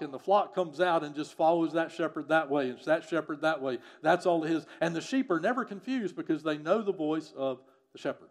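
A man preaching a sermon in a teaching style, explaining scripture and often dropping softer on key phrases. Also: a little high, normal speed. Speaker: pastor. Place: church or studio with a screen.

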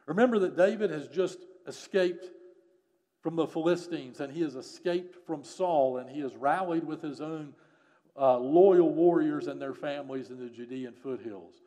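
A man preaching a sermon on a psalm, earnest, rising to emphasis and dropping soft again. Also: fairly high pitch, normal speed, long reverb tail. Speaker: pastor.

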